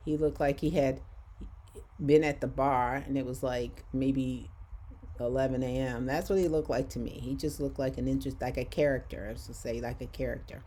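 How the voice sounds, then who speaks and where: A woman's voice: extremely low pitch, fairly even intonation, normal speed, mellow, slight background noise. A woman from Michigan telling a personal story in a vlog, acting out both sides of a conversation.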